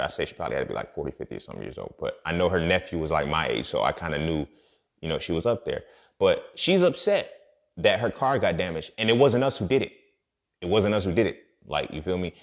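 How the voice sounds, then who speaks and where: A man's voice: a bass voice, creaky. A young man talking casually on his podcast in a streetwise, profane way, often asking "you feel me". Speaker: podcast host. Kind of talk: casual monologue.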